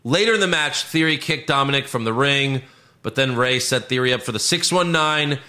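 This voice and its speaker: A man's voice: medium pitch, moderate pace. A man co-hosting a casual podcast, recapping wrestling with jokes and swearing. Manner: animated, joking, swears freely. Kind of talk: casual chat.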